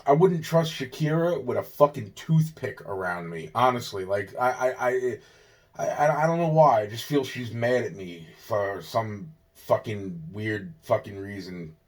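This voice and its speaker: A man's voice: on the low side, unhurried. Rambling, profane man venting. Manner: rambling, repetitive and profane, circling back on restarts. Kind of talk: rambling monologue to camera.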